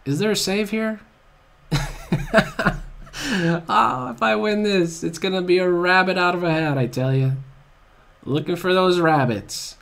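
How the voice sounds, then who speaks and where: Excitable chess streamer man, slow-talking. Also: high voice, gravelly. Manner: excitable, groans and laughs at his own blunders. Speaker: chess commentator. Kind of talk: live game commentary.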